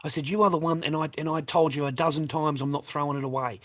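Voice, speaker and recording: He talks fast, his voice a little high and fairly flat in pitch. The speaker is a middle-aged vlogger venting to camera in a long, aggrieved rant, swearing liberally, rehashing the same points and repeatedly appealing to viewers.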